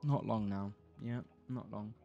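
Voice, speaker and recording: A man's voice: lowish voice, fairly even intonation, measured pace, gravelly, dull audio, soft background music. A man streaming a game, rambling casually, swearing and humming bits of songs. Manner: rambling, sings snatches of songs, swears freely. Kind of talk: casual gameplay commentary.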